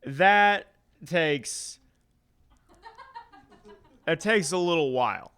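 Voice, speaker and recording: At an open mic in a small comedy club, a man does a stand-up set of dark jokes, delivered deadpan with halting fillers. His pitch is fairly high, and there's slight background noise.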